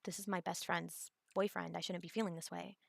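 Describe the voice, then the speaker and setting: Young woman, lilt, low gravelly voice, dry close recording, chatty storytime vlogger. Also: little pitch movement, fairly quick, a bit bright, dry recording. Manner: rambling, many fillers and restarts. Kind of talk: casual storytime vlog.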